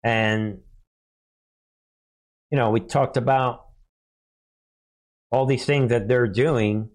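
A man's voice: medium pitch, steady tone, takes it slowly. A man hosting a casual political commentary show, sarcastic and laughing often as he reacts to headlines. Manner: sarcastic, laughs often, mocking put-on voices.

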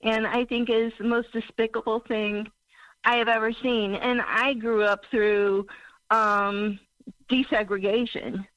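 Woman in her 60s from missouri calling in, emotional, halting, higher voice, muffled phone. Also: flat delivery, a bit bright, dry recording. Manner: halting, broken sentences. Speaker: caller.

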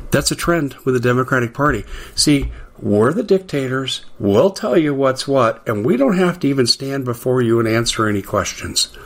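A middle-aged man hosting a talk radio show, delivering an emphatic, indignant political monologue that climbs in pitch to stress key words. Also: a bit bright.

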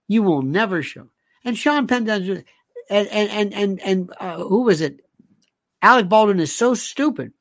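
A man's voice: high voice, creaky, a bit bright, dry recording. A man delivering a rambling monologue, firing off sarcastic rhetorical questions and repeating himself for emphasis.

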